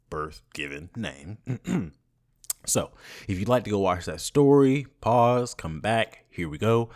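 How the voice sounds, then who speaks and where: A young man hosting a podcast, telling a candid, crude story in a casual, animated way with frequent laughter. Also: a bass voice. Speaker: podcast host.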